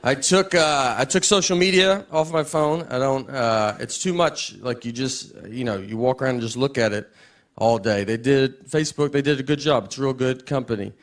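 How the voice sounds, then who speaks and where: A man doing a stand-up set, telling stories in a deadpan, rambling way and often restarting his sentences. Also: mid-range voice, normal speed. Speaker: stand-up comedian. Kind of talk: stand-up set before a laughing audience.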